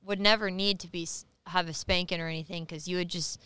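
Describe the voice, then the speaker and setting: A young woman hosts a live interview in a relaxed, playful way, teasing with a light touch. Her voice is bright and very crisp, with a mid-range pitch. The sound is dry and close. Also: quick pace, no echo. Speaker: interviewer, guest host. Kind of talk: live interview, casual chat.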